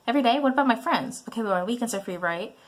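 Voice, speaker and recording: A woman's voice: on the high side, expressive, rapid-fire, lightly acted. A woman voicing a defiant, sarcastic teenage son in a browser game, exasperated with his parents.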